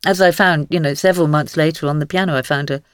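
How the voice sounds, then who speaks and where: A woman in her sixties, a guest author in a podcast interview, telling stories in a wry, lively way with frequent laughs. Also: sits low, fast talker, smooth, no room sound, studio quality.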